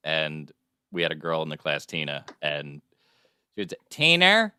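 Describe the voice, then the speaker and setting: A man's voice: rumbling low, flat delivery, normal speed, sharp tone, clean tone, no echo. A man hosting a casual podcast, crude and joking as he steers the show. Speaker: podcast host. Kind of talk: casual chat.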